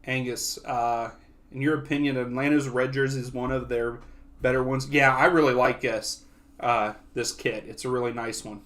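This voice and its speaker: A young man hosting a soccer watch-along, giving casual live play-by-play that often turns excitable. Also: medium pitch, normal speed. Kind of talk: live match commentary.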